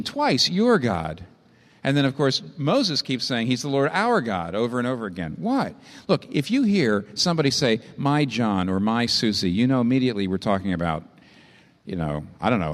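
A man preaching a sermon, impassioned, often climbing sharply in pitch to drive a point home. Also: long reverb tail. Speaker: pastor.

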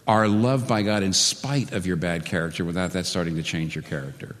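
A male pastor preaching a sermon, earnest and building to animated peaks before dropping to a quiet prayer. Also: low-pitched, a little fast. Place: church sanctuary. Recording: preached in a church hall with long reverb.

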